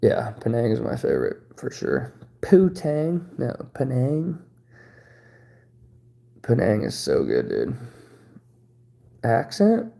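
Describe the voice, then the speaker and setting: A man's voice: lowish voice, wildly swooping pitch, unhurried, creaky, long pauses, mellow. A man in his thirties chatting casually on a livestream, rambling and joking crudely. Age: 30s. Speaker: streamer.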